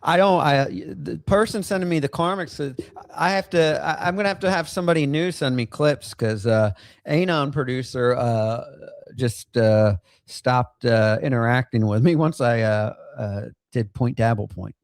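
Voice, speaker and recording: A man with a gravelly, creaky voice hosts a loose livestream. He rambles and fills gaps with lots of "uh"s and laughs. His mid-pitched voice sounds close and dry. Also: normal speed, no echo. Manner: rambling with many fillers and laughs. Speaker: livestream host. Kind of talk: casual rambling livestream chat.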